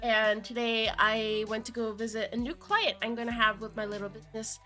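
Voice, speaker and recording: A young woman streaming live, chatting casually to viewers, giggly and excitable, with a cold and chewing cough drops. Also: fairly high pitch, a little fast, soft background music. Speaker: VTuber streamer.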